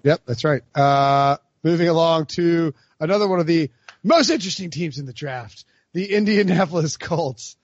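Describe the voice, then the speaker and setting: Give me a man with a slightly high voice hosting a rambling sports chat, recorded dry and dull. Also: normal speed, no room sound. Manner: rambling, many fillers and restarts. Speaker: host.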